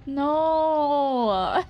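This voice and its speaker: A woman VTuber talking through a game on a live stream. Her voice sits a little high, and she speaks at an unhurried pace. She bursts into panicky, repeated shouts and swears freely as things go wrong. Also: muffled recording. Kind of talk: casual live gameplay commentary.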